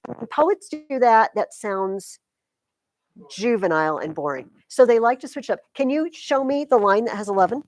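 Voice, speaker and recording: A woman teaching a high school English class, explaining poetry in a chatty, lively way. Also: moderate pace. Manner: chatty, explains with sing-song rhythm examples. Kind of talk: classroom lecture.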